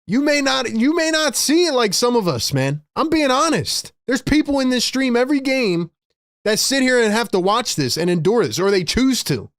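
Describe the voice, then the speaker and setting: A man's voice: very high voice, sing-song, normal speed, fairly bright tone, no room sound, studio quality. A man hosting a live sports stream, ranting in frustration to his chat and saying "bro" often. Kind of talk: live stream fan rant.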